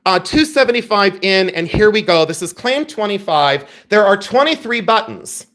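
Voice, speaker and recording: A man's voice: high voice, animated, normal speed, a bit bright. A middle-aged man hosting a live jewelry sale, chatty and joking, thanking viewers by name as he shows items. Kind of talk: live-stream selling chat.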